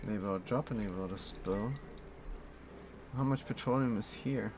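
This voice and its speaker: A man's voice: on the low side, unhurried, background noise. A man from Germany casually commenting on his game while answering chat in a laid-back way. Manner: laid-back, reads chat aloud, chuckles often. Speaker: streamer.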